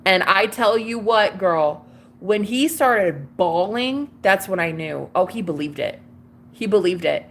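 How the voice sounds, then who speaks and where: A woman's voice: mid-range voice, a little slow, a bit bright, a little hiss or hum. Gushing, chatty young woman vlogger. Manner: gushing, chatty, calls listener girl and babe. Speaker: tarot reader and vlogger. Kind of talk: casual confessional monologue to camera.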